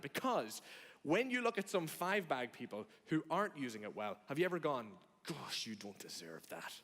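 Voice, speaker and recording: A man's voice: a little high, a bit bright. A man preaching a sermon in a conversational way, asking the audience questions and acting out reactions. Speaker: pastor. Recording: long hall reverb.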